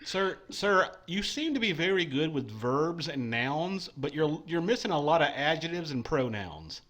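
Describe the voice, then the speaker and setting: A man's voice: a little high, big pitch swings, normal speed, fairly bright tone. A man hosting a live call-in stream, brash and profane, taking callers with mock-patriotic banter. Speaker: call-in show host.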